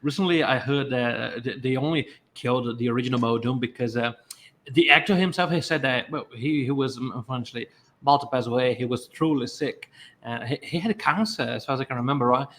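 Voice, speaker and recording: A man's voice: mid-range voice, fast, fairly bright tone. Hesitant man in casual chat. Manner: hesitant, many filler sounds. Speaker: podcast guest.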